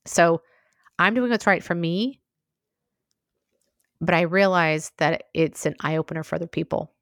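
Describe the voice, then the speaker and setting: Woman podcaster chatting straight to you, low-ish voice, frank, lots of asides, dry close mic. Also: a little slow, no room sound. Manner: frank, conversational, full of asides. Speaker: podcast host. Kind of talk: candid solo podcast monologue.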